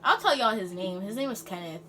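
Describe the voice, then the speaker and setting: A teenage girl vlogger telling a storytime in an animated, slangy way. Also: mid-range voice, a little fast, background noise. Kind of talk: storytime vlog.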